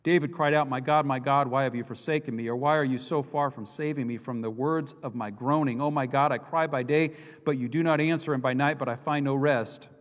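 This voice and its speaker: A man's voice: mid-range voice, steady tone, fairly quick. A male pastor preaching an impassioned sermon, repeating and restarting phrases as he builds his points. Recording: long hall reverb.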